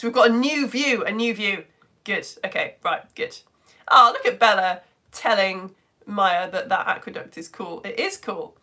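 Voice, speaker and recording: Woman host from the UK, casual live-stream lesson chat, self-deprecating and giggly, average pitch. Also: pushed and bright. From United Kingdom. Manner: self-mocking, giggly, rambling. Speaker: online lesson presenter.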